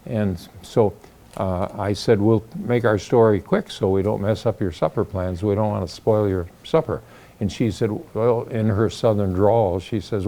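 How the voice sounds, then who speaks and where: Folksy older man with a gravelly voice. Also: lowish voice, steady tone, normal speed, dark tone. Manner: folksy, acts out quoted voices. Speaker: storyteller recounting the founding. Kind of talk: casual spoken storytelling.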